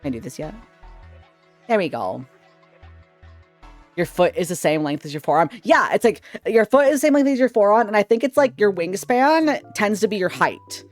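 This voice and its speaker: A young man chatting on a live stream as a VTuber, excitable, giggly and rambling, with a lot of laughter. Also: sits high, moderate pace, faint music behind. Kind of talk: casual live-stream chat.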